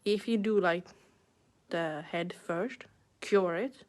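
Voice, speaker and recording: Slow, chatty woman teaching nail art. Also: fairly low pitch. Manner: chatty, thinking aloud with playful sound effects. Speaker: nail artist. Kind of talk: live online nail art class.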